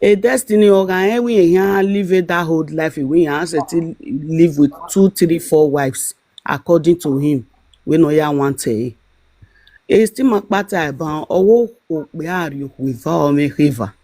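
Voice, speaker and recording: A woman's voice: deep voice, normal speed, dark tone, no echo. Nigerian woman, live-stream host, emphatic and rambling, dry close mic. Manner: rambling, emphatic, full of fillers. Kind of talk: casual live-stream commentary.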